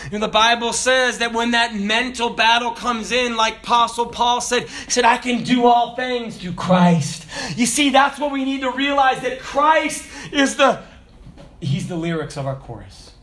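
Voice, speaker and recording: High-voiced man preaching with shouted swells. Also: normal speed. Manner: storytelling, swings from low murmurs to raised shouted passages. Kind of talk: sermon.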